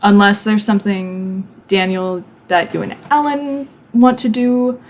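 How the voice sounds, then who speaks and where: A woman narrating a tabletop game as game master, relaxed and chatty with frequent "like". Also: mid-range voice, a little slow.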